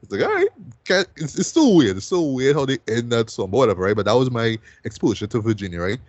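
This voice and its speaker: A man's voice: mid-range voice, lively intonation, fast talker, darkish tone, no echo, muffled recording. A man hosting a music review show, talking loosely and casually and ending most sentences with "right?".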